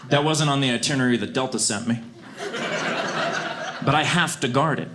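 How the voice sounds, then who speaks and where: A man performing a stand-up comedy set on a club stage, swinging between quiet deadpan and loud outbursts. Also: medium pitch, fairly quick. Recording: live show with audible audience noise.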